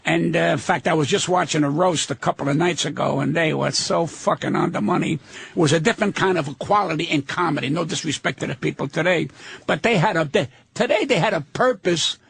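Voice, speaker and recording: Older male guest comedian, gravelly and husky, profane ranter, fairly high voice. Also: fairly quick, fairly bright tone, dry recording. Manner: profane, ranting, blunt. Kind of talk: radio talk show chat.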